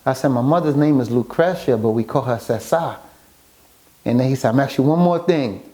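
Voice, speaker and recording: Animated male storyteller in casual talk. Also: medium pitch, fairly quick. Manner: animated storyteller acting out quoted dialogue. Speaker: guest, author and photographer.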